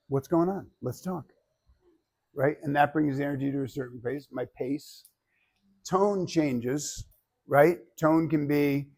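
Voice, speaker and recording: A man teaching public speaking to a live class in an energetic, conversational way, often checking in with "right?". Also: a little high, vocal fry. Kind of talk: classroom lecture.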